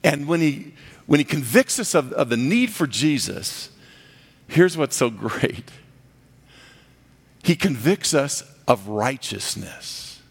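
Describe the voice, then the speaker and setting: A man preaching a sermon as pastor, animated and acting out the voices he quotes. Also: medium pitch, takes it slowly, long pauses, breathy edge, big-room sound.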